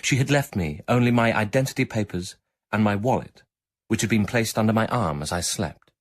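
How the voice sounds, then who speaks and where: A man with a fairly low voice reads a story in the first person for radio. His delivery is measured and reflective, suited to an unhurried literary narration. It comes from an archived broadcast.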